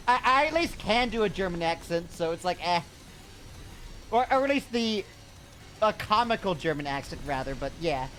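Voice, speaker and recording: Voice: mid-range voice, animated, normal speed, pushed and bright, a little hiss or hum. Rambling, sweary casual streamer chat. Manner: rambling, swearing, self-interrupting. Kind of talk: casual chat between scenes.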